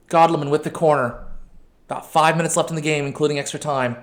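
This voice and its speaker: A man hosting a let's-play, commentating a match with excitable outbursts, shouting at his players and correcting himself. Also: on the high side, fast. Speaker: video game channel host.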